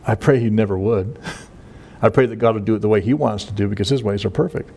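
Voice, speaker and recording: A man's voice: fairly low pitch, expressive, fast talker, vocal fry, darkish tone. A man teaching through a Bible passage verse by verse in a plain conversational way, with frequent fillers and restarts.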